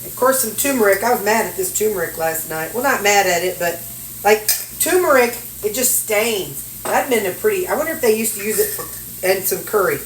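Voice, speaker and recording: A middle-aged woman from Missouri chats briskly and folksily with lively intonation in a medium-pitched voice, talking to herself and her viewers as she measures and cooks for a cooking vlog. Recorded from afar in a roomy home kitchen, the audio has a little hiss or hum and the clink of dishes and cutlery.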